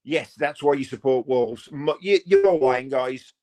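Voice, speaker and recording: A man's voice: medium pitch, a little slow, a little mellow. A man, hosting a live football watch party in a casual, jokey way and reading out viewer comments. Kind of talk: casual live-stream chat.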